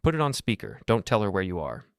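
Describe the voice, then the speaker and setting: Man reading a cold, calculating investigator, clipped and flat, dry low voice in a storybook. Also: fast, clear, resonant tone, no echo.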